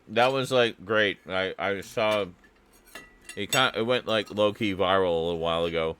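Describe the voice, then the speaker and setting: A man's voice: sits low, moderate pace, fairly bright tone, clear, resonant tone. A man from Canada chatting casually and joking as he reacts to a clip, rambling and laughing often. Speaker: reaction video host.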